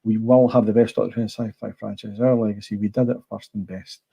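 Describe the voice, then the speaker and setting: A man's voice: fairly low pitch, little pitch movement, fast, creaky, slightly rough, dull audio. A middle-aged Scottish man hosting a casual livestream, blunt and rambling, swearing freely. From Scotland. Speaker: livestream host. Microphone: small clip-on mic.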